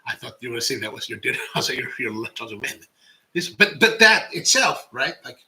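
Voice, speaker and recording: Chatty bright-voiced man. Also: mid-range voice, big pitch swings, quick pace, rough recording. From Baltimore, USA. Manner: rambling and chatty, drops to whispers for jokes. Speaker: coffee livestream host reading chat. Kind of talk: casual chat.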